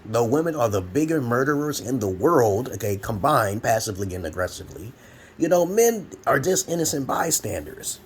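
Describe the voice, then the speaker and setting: A Brooklyn, New York advice vlogger in his forties talks at a moderate pace in a medium-pitched voice with big pitch swings. He's at home in a room with a fan running, and there's slight background noise. His advice rambles, and his monologue is blunt, profane and preachy.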